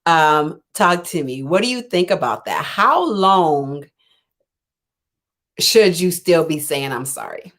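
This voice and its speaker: A middle-aged woman life coach, unwell and clearing her throat, chatting casually on a live stream and acting out both sides of her conversations. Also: sits low, expressive, slow, fairly bright tone. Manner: conversational, rambling with many fillers and restarts.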